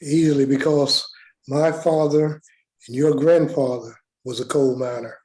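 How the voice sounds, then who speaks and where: Older guy answering matter-of-fact, bit high, roomy sound off the mic. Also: steady tone, unhurried, darkish tone. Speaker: presenter's father.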